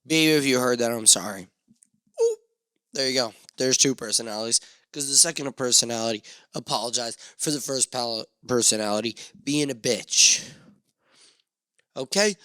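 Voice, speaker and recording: A man hosting a solo podcast, rambling and swearing through self-mocking rants with sudden loud outbursts into a studio mic. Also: medium pitch, normal speed, smooth, dry recording. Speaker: podcast host.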